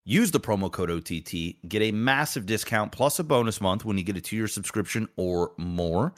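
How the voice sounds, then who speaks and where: A man's voice: on the low side, expressive, normal speed. A man hosting a podcast, reading an ad and chatting in a loose, crude, rambling way. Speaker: podcast host. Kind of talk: casual chat and sponsor read.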